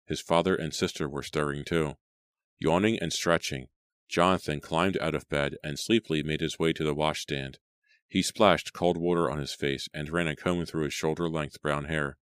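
A man reads a storybook aloud, steady and measured. His voice is extremely deep, and the recording is dry and close, with almost no room sound. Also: clean tone, dry recording. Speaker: audiobook narrator. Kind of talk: scripted audiobook narration.

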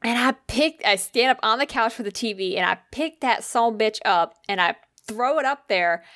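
A woman's voice: fairly high pitch, normal speed, dry recording. Woman ranting a story to a friend, swears a lot, does the voices, dry close sound. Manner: profane, animated storytelling with acted-out quotes. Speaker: storyteller in casual chat. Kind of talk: casual chat.

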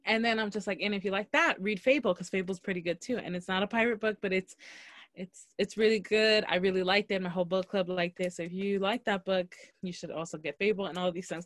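A young woman co-hosting a casual podcast, telling an anecdote with laughs and quick acted-out quotes. Her voice sits at a middle pitch, recorded dry and close. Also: no echo. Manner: animated, laughing, acts out quotes. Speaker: podcast co-host. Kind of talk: casual storytelling chat. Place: Los Angeles.

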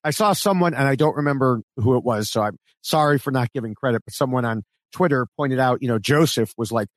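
A man co-hosting a podcast, chatting casually and growing animated when he quotes other people. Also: medium pitch, fairly quick, dry recording. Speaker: podcast co-host.

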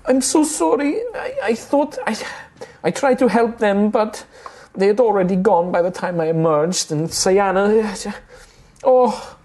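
A woman's voice: mid-range voice, expressive, normal speed, warm tone, voice pushed up, natural voice. A man voicing a tiny, distraught halfling woman who stammers apologies through tears.

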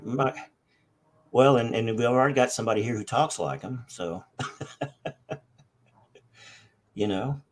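A man's voice: mid-range voice, expressive, a little slow, pauses often, slight background noise, low-quality recording. A man chatting as a guest on a live stream, talking in a rambling way and breaking off mid-sentence. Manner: rambling, self-interrupting. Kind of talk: casual live stream chat.

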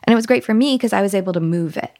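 A woman's voice: medium pitch, very fast, darkish tone, dry recording, studio quality. A woman giving parenting advice in a casual podcast conversation, telling stories with animation and acting out playful talk with children. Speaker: parenting guest expert.

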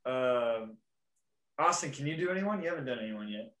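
Young male podcast host, bright, slightly high voice, rambling and laughing, echoey room. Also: lively intonation, normal speed. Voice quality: describes own voice as weaselly. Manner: rambling, laughing, trying out impressions. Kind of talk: casual chat.

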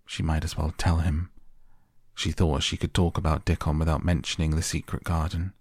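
A man reading a classic novel aloud in a gentle, calm bedtime manner. His voice is very deep with a gravelly texture. The sound is close and dry, with no room around it. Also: moderate pace, dry recording. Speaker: audiobook narrator. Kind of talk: soft bedtime story reading.

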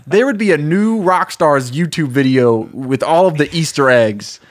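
Young man narrating a story idea for his co-host in an easy middle voice, animated, laughing at his own jokes as he acts out the scenes. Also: mid-range voice, a little slow, few pauses. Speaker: podcast co-host. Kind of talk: casual chat, pitching a story.

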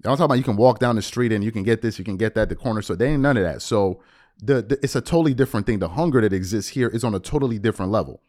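Emphatic low-voiced man hosting a sports podcast. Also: racing, darkish tone. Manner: emphatic, repeats words, slangy. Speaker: podcast host. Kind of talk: casual sports commentary. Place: lives abroad, recording at home.

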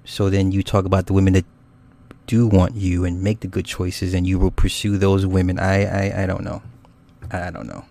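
Low-voiced man chatting on a livestream. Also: flat delivery, moderate pace, gravelly, warm tone. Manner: loose, rambling and profane, with frequent laughs. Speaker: YouTube host. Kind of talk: casual livestream chat, reading comments.

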